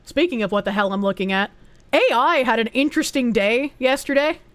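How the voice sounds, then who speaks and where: High-voiced, foul-mouthed streamer woman. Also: animated, a little fast, a bit bright, no echo. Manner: crude, heavily profane, laughs often; rambling and self-interrupting. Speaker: VTuber streamer. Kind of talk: casual reaction stream chat.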